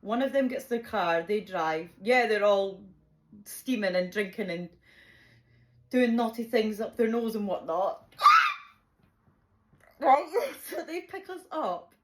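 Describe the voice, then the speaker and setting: A young woman telling a chaotic personal story, animated and swearing freely, laughing often. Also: mid-range voice, takes it slowly, pauses often. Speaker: vlogger. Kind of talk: casual storytime.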